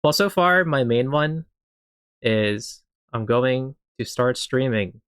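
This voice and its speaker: A man's voice: mid-range voice, lively intonation, takes it slowly, a bit bright, clear, resonant tone, no echo, clean studio sound. A young man hosting a casual podcast with friends, playful and joking, laughing between lines. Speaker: podcast host. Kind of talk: casual chat among friends.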